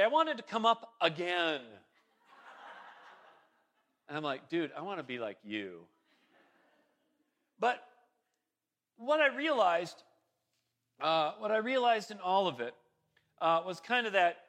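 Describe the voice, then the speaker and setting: Man, pastor, sermon storytelling, casual, rambling, self-deprecating, high bright voice.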